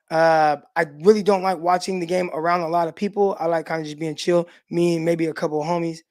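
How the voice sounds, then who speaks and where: A man's voice: high voice, a little mellow. A middle-aged man hosting a sports livestream, chatting casually and answering viewer comments in a loose, laid-back way with many fillers. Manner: talks straight to the live chat and reads out viewer comments. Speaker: sports show host.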